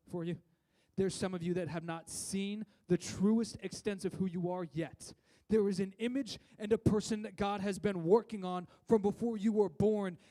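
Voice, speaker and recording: A high-pitched man delivers a sermon in a church. His tone is mellow and he talks conversationally, often restarting his sentences. He swings between loud emphasis and quiet asides. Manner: rises and drops in loudness for emphasis. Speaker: preacher.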